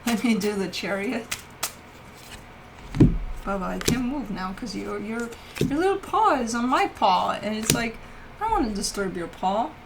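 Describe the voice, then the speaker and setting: A woman's voice: fairly high pitch, animated, normal speed, long pauses, heavy background noise. A woman giving a casual weekly tarot reading as the host, swearing freely and chatting loosely as she lays out cards. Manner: swears casually, talks to her pet between cards. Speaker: tarot reader.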